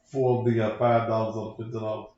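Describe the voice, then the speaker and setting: A man's voice: lowish voice, level tone, brisk, dark tone. A man, a pastor hosting his own show, talking casually in a rambling, cussing preacher manner. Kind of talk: casual livestream talk. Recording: echoey room, dull lo-fi sound.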